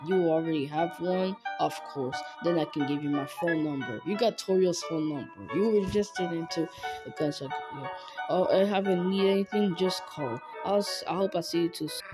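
A woman voicing a gentle, sorrowful motherly caretaker in a fan game, speaking softly and formally with halting apologies. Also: fairly low pitch, over music, voice pushed down, natural voice. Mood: tender. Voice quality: soft, quiet and hushed. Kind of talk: fan game dialogue read aloud.

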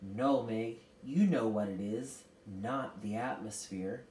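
A woman voicing an ancient, stern and weary female otherworldly being who speaks slowly and solemnly. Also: extremely low pitch, mellow, a little hiss or hum, voice pushed down. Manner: slow, solemn, commanding. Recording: roomy, distant mic.

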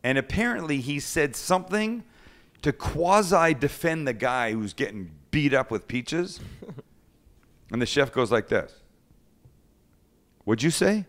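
A man hosting a casual chat, telling a story in a lively way, acting out the people he quotes and swearing freely. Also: mid-range voice, a little slow. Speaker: host.

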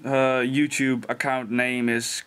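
A man's voice: medium pitch, level tone, slow pace, fairly bright tone, smooth. A young Dutch man, a non-native English speaker, rambling self-mockingly in a casual vlog. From Netherlands. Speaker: vlogger.

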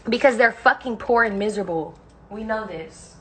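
A young woman with a slightly high, fairly bright voice cooks in her home kitchen while livestreaming on her phone. At a moderate pace, she rants bluntly in casual chat, cursing heavily throughout.

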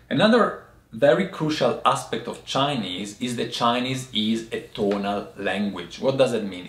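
A man's voice: fairly low pitch, gravelly. Man explaining a lesson in an echoey room. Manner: thoughtful, pauses to find words. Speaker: host teaching Chinese tea words.

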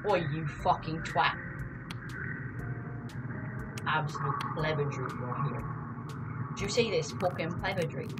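A woman's voice: deep voice, normal speed, poor audio. A woman giving casual gameplay commentary, jumpy and swearing often. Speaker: gamer. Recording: loud game music behind.

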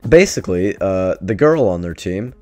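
A man's voice: deep voice, animated, moderate pace, warm tone, no echo, soft background music. A man vlogger telling a story casually, swearing a lot and sounding exasperated. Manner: profane, exasperated, rambling.

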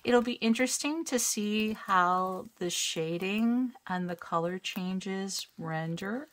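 A woman chatting casually at home as she unboxes diamond painting kits. She talks in a self-deprecating way, laughs often and thinks out loud. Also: medium pitch, slow. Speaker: crafting vlogger. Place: home crafting space.

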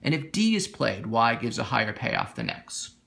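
Gravelly, animated male lecturer. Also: mid-range voice, moderate pace. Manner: informal, repeats words, asks "right?". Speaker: economics lecturer. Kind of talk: recorded lecture explaining game theory.

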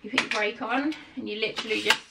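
A woman's voice: a little high, fairly even intonation, fast, vocal fry, heavy background noise. A young woman and mum chatting frankly in a home vlog, casual, sometimes swearing and a little out of breath. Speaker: vlogger and mum. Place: family house indoors.

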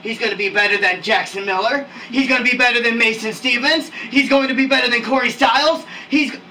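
Casting: a man as a very high, bright, shouty hype man, recorded far from a hissy mic. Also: fast talker, full character voice. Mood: hyped. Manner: shouty, excitable, slangy. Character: loud hyped-up male wrestling hype man. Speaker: wrestling staff character. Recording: distant mic with hiss.

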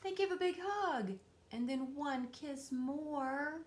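A young woman reading a picture book aloud to children in a sing-song, expressive way, sometimes dropping to a whisper. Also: high voice, slow pace, a little hiss or hum. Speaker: storytime host.

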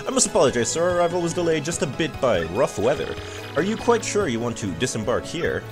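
A fussy, deferential ship's sailor in a video game, acted by a man. He speaks with stiff, formal politeness, a touch higher than plain talk. Game music plays behind. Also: very animated, fast. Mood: courteous.

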